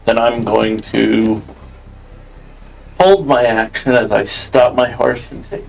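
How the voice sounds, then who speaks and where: Gravelly man playing a tabletop game. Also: mid-range voice, fairly even intonation, slow pace, long pauses, a little hiss or hum, rough recording. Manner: states his character's actions plainly. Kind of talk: casual game chat.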